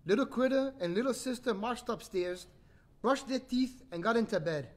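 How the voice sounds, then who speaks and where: A man's voice: sits high, lively intonation, normal speed. A man, hosting a playful bedtime story livestream with jokey, teasing asides. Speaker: host reading a bedtime story. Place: home livestream.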